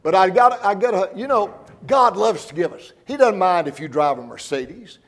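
A man preaching a sermon, telling stories earnestly and with emotion, slowing down for emphasis. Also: high voice, animated.

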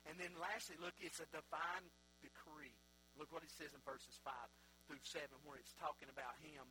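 A man preaching a sermon as a pastor, swinging between loud exclaiming and quiet, hushed passages. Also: a little high, steady tone, moderate pace, background noise.

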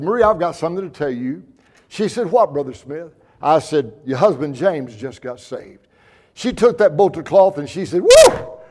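Man, preacher, folksy storytelling sermon, somewhat high voice. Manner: folksy, earnest, repeats words when excited. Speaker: pastor.

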